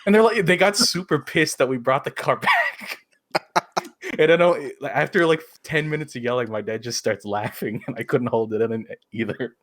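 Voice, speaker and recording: A man's voice: mid-range voice, expressive, moderate pace, a bit bright. Laughing, swearing man telling stories. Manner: laughing storyteller, swears often. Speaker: podcast co-host. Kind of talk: casual chat. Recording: live stream podcast.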